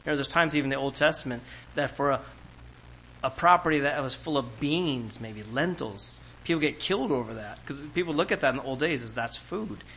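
A man's voice: medium pitch, a little fast, sharp tone, slight background noise, poor audio. A man preaching a sermon to a congregation in a church, talking in a conversational way and acting out quoted voices. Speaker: pastor.

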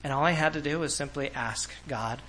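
A man from California, a pastor, preaching a sermon and telling personal stories in an animated way, often laughing. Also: mid-range voice, fairly quick, a little hiss or hum, rough recording. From Orange County, California.

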